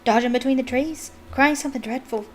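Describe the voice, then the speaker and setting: A woman's voice: high voice, a little fast, a little hiss or hum, pitched above the performer's own voice, natural voice. A woman voicing a mischievous male poltergeist with an oily, fawning, gloating manner.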